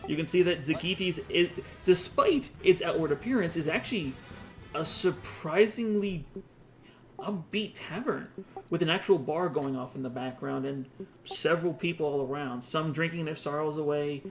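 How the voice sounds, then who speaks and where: A man's voice: a little high, moderate pace, faint music behind. A man running a tabletop game as game master, describing scenes with asides and restarts.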